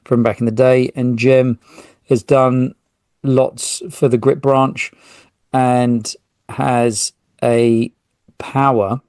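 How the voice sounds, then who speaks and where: A man's voice: medium pitch, flat delivery, very slow, darkish tone, clear, resonant tone, no room sound. A man hosting a solo podcast, talking in a rambling, self-interrupting way with jokey asides. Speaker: podcast host.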